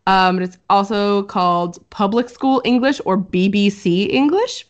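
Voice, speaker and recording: A woman's voice: mid-range voice, measured pace, highs cut off. A woman hosting a casual podcast chat who explains a topic at length, with frequent ums and little laughs. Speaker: podcast host presenting research.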